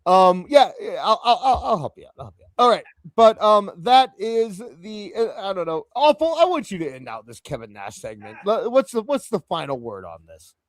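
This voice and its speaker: Man, podcast host, lively pitch swings, slightly high voice, dry close mic, casual joking chat. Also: normal speed, hardly any pauses, no echo. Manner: animated, joking, lots of fillers.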